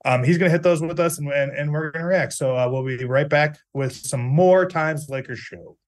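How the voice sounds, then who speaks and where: A man's voice: fairly high pitch, normal speed, slight background noise. A middle-aged man co-hosting a casual sports podcast, talking in a chatty, jokey way with plenty of fillers. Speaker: podcast co-host, sports reporter.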